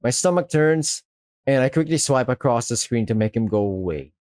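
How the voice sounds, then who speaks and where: A man's voice: mid-range voice, moderate pace, no echo. Wry young man reading a visual novel. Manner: wry, deadpan narration with casual asides.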